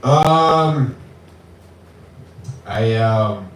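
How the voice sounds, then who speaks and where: Crude young comic in an echoey bar. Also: male voice, mid-range voice, extremely slow, a little hiss or hum. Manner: crude, swearing, deadpan jokes with acted-out voices. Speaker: stand-up comic. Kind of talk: open mic stand-up set. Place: small bar with live audience. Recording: very echoey room from far off.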